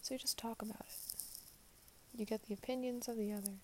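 A young woman giving a reflective spoken monologue, her voice soft and drifting in and out of a whisper. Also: on the high side, steady tone, brisk, a little hiss or hum.

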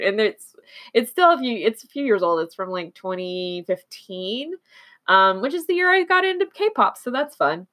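A woman's voice: medium pitch, fairly bright tone. A woman from Oklahoma chatting casually as a host, rambling with fillers, restarts and frequent giggles. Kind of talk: casual chat.

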